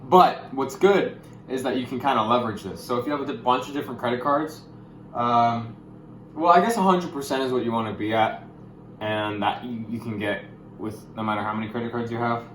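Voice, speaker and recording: A man's voice: mid-range voice, brisk, a bit bright, slight background noise. Goofy young man in an echoey room. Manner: goofy, hyper bursts, calls viewers gamers. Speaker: YouTuber. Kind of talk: casual vlog explainer.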